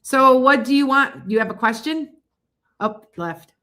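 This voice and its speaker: A woman psychic hosting a casual livestream from home, talking fast in a rambling, animated way. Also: high voice.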